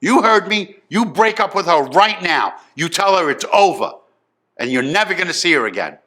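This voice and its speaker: A man's voice: high-pitched, big pitch swings, moderate pace, sharp tone, voice pushed up, heavily acted. A man voicing a furious, hot-tempered middle-aged father who barks orders. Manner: barking orders.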